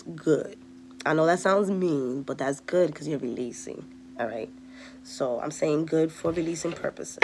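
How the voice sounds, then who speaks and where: Low-voiced woman doing a chatty tarot reading, bit of hiss behind her. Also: moderate pace, mellow. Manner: chatty, direct, talks straight to viewers. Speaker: tarot reader. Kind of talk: casual spiritual tarot reading to viewers.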